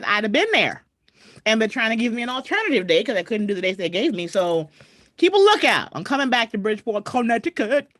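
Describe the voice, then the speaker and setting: A woman hosting a casual livestream from home, chatting and shouting out viewers over a video call mic. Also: mid-range voice, no echo, clean studio sound. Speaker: host. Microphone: computer mic on a video call.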